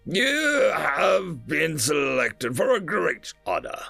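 A man voicing a pompous, hot-tempered male alien priest who barks raspy commands. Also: fairly high pitch, big pitch swings, slow pace, dry recording, faint music behind, pitched above the performer's own voice, full character voice. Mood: haughty. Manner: shouting, commanding.

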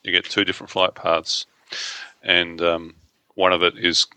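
A man with an Australian accent and a very low voice, cutting through with a bright, forceful edge as he calmly explains where to go next in the game. The recording is dry and close. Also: unhurried, clean tone, dry recording. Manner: relaxed, gives helpful game advice. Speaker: podcast co-host. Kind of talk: casual gaming chat.

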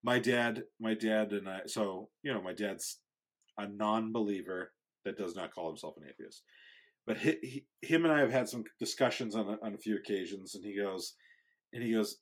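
A man with a lowish voice co-hosts a podcast at normal speed, chatting casually and telling jokes. He laughs often and drops quiet asides.

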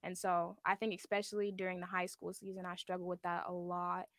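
A woman's voice: fairly low pitch, level tone, brisk, no echo. A teenage girl, a basketball player, speaking reflectively in a studio interview, using many fillers. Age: teens. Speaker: high school basketball player guest. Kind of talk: podcast interview.

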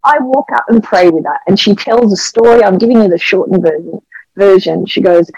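A woman's voice: mid-range voice, brisk, a little mellow, husky, no echo, rough recording. A middle-aged Australian woman, the wife of a pastor, tells church stories in an earnest and emotional way, with a lot of animation. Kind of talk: testimony storytelling on a podcast.

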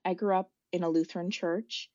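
A woman in her forties, a guest on the show, telling a personal story in a thoughtful, searching way, with frequent pauses and fillers. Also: lowish voice, fairly even intonation, a little mellow, no room sound, dull audio.

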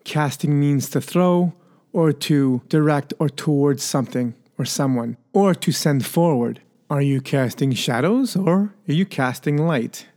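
A man's voice: on the high side, unhurried, darkish tone. A man hosting a solo podcast, musing playfully on word origins and laughing at his own coinages. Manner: playful, musing, coins words and laughs at himself. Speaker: podcast host.

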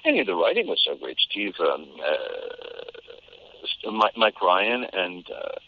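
This American voice actor speaks low and slow, with a little hiss or hum on a tinny, phone-like line. As an interview guest, he chats casually and tells animated stories, laughing often and frequently starting his sentences over.

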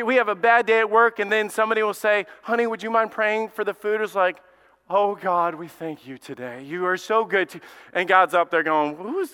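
A middle-aged man preaching a sermon as lead pastor, animated and joking, acting out quick little scenes with his listeners. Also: fairly high pitch, clear, resonant tone. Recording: long hall reverb.

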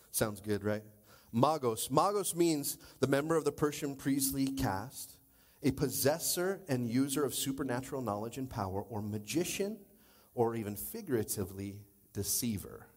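A man preaching a sermon in church, animated, swinging between loud exclamations and low asides. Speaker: pastor.

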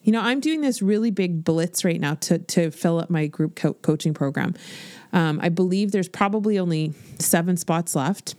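A woman in her forties hosting a podcast as a business coach, talking in a blunt, animated, swear-filled motivational style. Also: on the low side, moderate pace, dry recording. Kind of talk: casual motivational podcast monologue.

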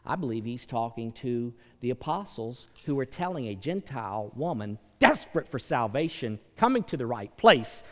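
A man's voice: mid-range voice, big pitch swings, moderate pace. A man preaching a sermon as pastor, conversational, with folksy asides and sudden bursts of volume. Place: church sanctuary. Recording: long church hall reverb.

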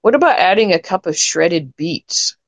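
A woman with a low voice talks casually, drifting through fillers and playful teasing. Her pitch swings widely as she goes. The sound is dry and close. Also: expressive, normal speed, no room sound. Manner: chatty, rambling, with frequent fillers and teasing asides. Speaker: podcast co-host. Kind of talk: casual chat about a soap opera.

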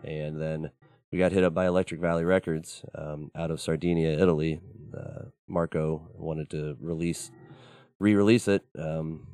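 Deep-voiced, laid-back male band guest. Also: steady tone, normal speed, dark tone, clean tone, no echo. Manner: laid-back, rambling, with frequent fillers and swearing. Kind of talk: casual interview chat. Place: studio.

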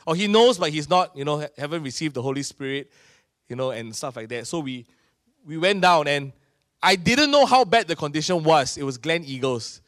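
A middle-aged man with a Singaporean English accent, preaching a sermon in an animated storytelling manner. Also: on the high side, moderate pace, dry recording, clean studio sound. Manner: animated storytelling, acting out voices of people in his stories. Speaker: pastor.

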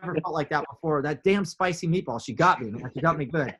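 A man telling a story in casual chat, animated, acting out his own quotes with big jumps in pitch. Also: fast talker, husky.

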